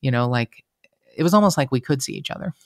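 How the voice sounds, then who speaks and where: A woman's voice: extremely low pitch, quick pace, no room sound, clean studio sound. A woman, co-hosting a casual true-crime podcast, talking emotionally and acting out what people said. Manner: chatty, emotional, quotes people in lively voices. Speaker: podcast co-host. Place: podcast room.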